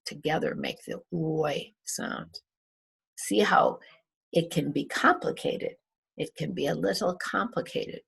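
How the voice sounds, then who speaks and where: A woman with a low, husky voice and some vocal fry reviews vowel sounds. She speaks very slowly, repeating each example word twice and stretching out its vowel. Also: expressive. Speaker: English teacher. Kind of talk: slow, careful classroom review.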